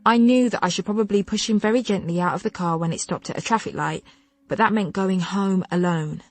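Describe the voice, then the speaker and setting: A woman narrating a contemporary novel in first person, telling it in an expressive, wry way on a close studio mic. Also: medium pitch, brisk, dry recording, soft background music. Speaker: audiobook narrator.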